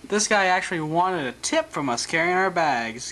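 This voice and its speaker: A man's voice: a little high, animated, moderate pace, sharp tone, slight background noise, rough recording. A man narrating his family vacation photos, with dry, joking asides. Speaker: home video narrator.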